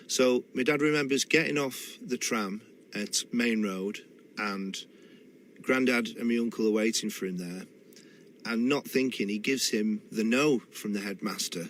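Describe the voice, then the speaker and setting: Manchester man, radio guest, reflective storyteller, mid-pitched voice, halting restarts, studio mic. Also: fairly bright tone, a little hiss or hum. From Manchester, England. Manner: thoughtful, with hesitant restarts.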